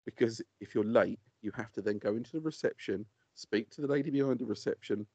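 British guy on a podcast, quick lively chat, husky dry voice, lo-fi. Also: on the low side, dry recording. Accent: British English. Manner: animated storytelling, laughs often. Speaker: podcast co-host. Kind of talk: casual chat. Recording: dull lo-fi sound.

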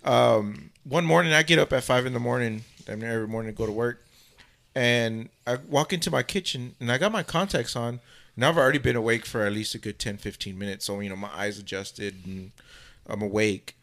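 Casual podcast guest, gravelly and bright, loose storyteller who swears. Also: male voice, medium pitch. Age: adult, married. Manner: laid-back, swears freely, drawn-out storytelling.

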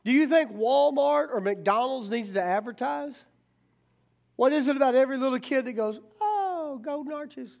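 A man preaching a sermon as pastor, plainspoken and folksy, swinging from quiet talk to sudden loud rises. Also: very high-pitched, normal speed, gravelly.

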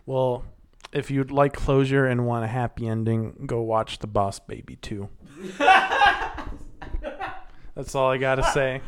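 A man's voice: mid-range voice, steady tone, moderate pace, clean tone. A man in a casual film chat, joking and animatedly quoting characters.

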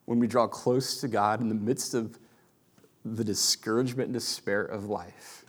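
A man in his thirties preaching a sermon, earnest and reflective, often dropping to a hushed voice. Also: lowish voice, steady tone, normal speed. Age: 30s. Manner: earnest, reflective, drops to a hushed voice for quiet moments. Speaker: pastor.

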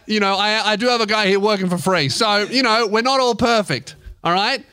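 An Australian man hosting a comedy podcast, loud and joking, teasing his co-host and swearing freely into a studio microphone. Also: high-pitched, a little fast, smooth. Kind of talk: crude comedic podcast banter.

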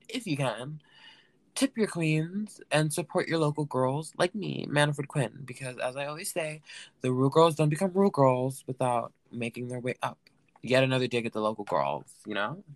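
A man's voice: mid-range voice, fairly bright tone, no echo. A man hosting a solo recap podcast in a camp, playful, rambling way, full of fillers and asides. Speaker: podcast host.

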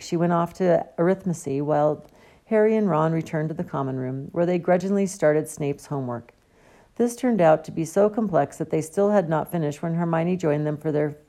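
A woman reads a novel aloud in a steady storytelling manner. Her voice is low and gravelly, with a dark, mellow tone. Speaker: audiobook reader. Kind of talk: audiobook narration.

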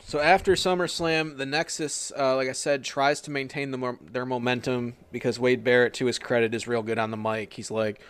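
A man's voice: medium pitch, steady tone, brisk, few pauses, a bit bright, clear, resonant tone. A man recapping wrestling in casual podcast chat, joking and swearing as he retells matches. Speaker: podcast co-host.

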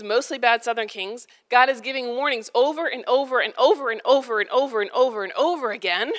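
A woman pastor preaches a conversational, emphatic sermon, repeating phrases for effect and adding parenting asides. Her voice is on the high side and fairly bright.

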